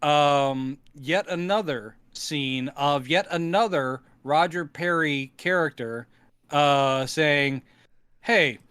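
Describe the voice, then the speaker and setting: A man's voice: on the high side, takes it slowly, a bit bright, smooth, no room sound. A man co-hosting a casual movie podcast, playful, laughing often and improvising silly character bits. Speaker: podcast co-host. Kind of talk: casual movie-riff chat.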